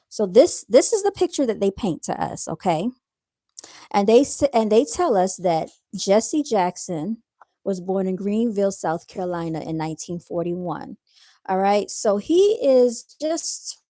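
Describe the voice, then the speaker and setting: A woman's voice: mid-range voice, warm tone, no room sound. Emphatic woman giving opinionated commentary. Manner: emphatic, repeats points, addresses viewers directly. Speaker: commentary vlogger.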